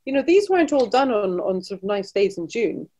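A woman's voice: mid-range voice, very animated, brisk, dark tone. A Scottish woman, a travel business director, chatting as a guest in an interview, often restarting and laughing between points. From Scotland. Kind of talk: casual interview chat.

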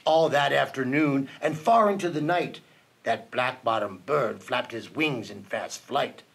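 A man reading a children's rhyming storybook aloud in an expressive, rhythmic way. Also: medium pitch, a little slow, creaky, breathy edge. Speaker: storybook reader.

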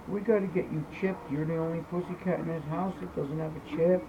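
A man talking to his pet cat in a casual home video, switching between everyday muttering and high sing-song baby talk. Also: fairly even intonation, brisk, hardly any pauses, muffled recording, background noise. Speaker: cat owner. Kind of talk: casual talk to a pet while doing chores. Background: cat meowing.

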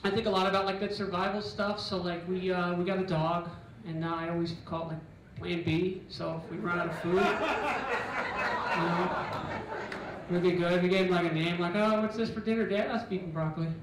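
A middle-aged man doing a stand-up comedy set on a club stage, loud and bantering as he acts out characters. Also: sits high, steady tone, moderate pace, far from the mic, noisy background. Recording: echoey club recording from afar. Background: audience laughter.

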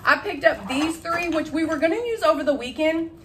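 A woman's voice: high voice, a little fast, slight background noise. Chatty woman showing a haul. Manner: chatty and excitable, laughs at her own word slips. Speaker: vlogger showing a shopping haul. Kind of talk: casual chat to camera. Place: at home.

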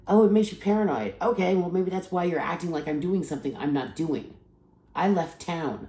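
A low-pitched, mellow-toned woman from the East Coast rambles through a personal vlog, tired after travel and full of asides. Her voice rings a little in an echoey room. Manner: rambling, digressive, frequent restarts and asides. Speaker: vlogger.

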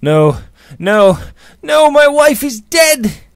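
A man's voice: very high voice, very animated, drawn-out words, no room sound, raised voice, clean studio sound, pitched above the performer's own voice, exaggerated voice. A man reading aloud, voicing a young former dragoon who is shaken and grief-stricken, speaking hesitantly at first, then crying out in anguish. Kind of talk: audiobook character reading.

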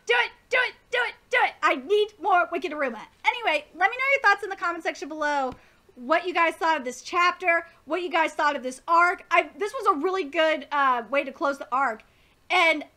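A young woman reacts to a manga chapter live, with an excitable, gushing delivery and the odd swear word. Her voice sits very high and bright. Her pitch swings widely as she talks.

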